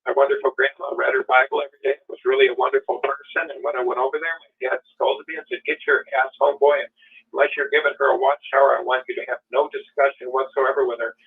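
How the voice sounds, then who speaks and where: A man's voice: mid-range voice, level tone, fast, gravelly, husky. An older man, a guest calling in, telling personal stories in a rambling, emotional way. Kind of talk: casual conversation. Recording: tinny phone line.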